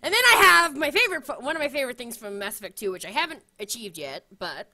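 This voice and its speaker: Young woman co-host, bright lively voice, swears a lot, excitable. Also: high voice. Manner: excitable and profane, quick to shriek and laugh. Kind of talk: casual chat.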